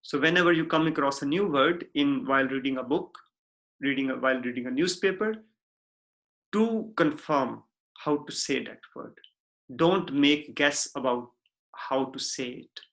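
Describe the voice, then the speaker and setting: A man giving a recorded lecture in a deliberate, repetitive way, often checking in with the listener. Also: medium pitch, a bit bright. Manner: deliberate, repeats himself, frequent "okay?" checks.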